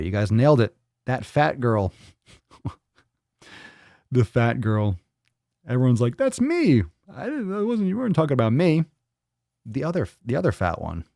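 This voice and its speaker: Low-voiced man, livestream host, teasing and profane, dry close sound. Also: vocal fry, a little mellow, no echo. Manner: joking, teasing, plays with pronunciations; swears casually. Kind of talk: casual livestream chat reading comments.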